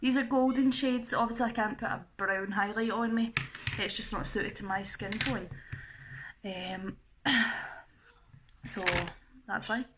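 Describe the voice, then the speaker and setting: A woman's voice: fairly high pitch, fairly even intonation, measured pace, pauses often, background noise. A young woman talking through a makeup tutorial in a chatty, self-deprecating way. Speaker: makeup artist.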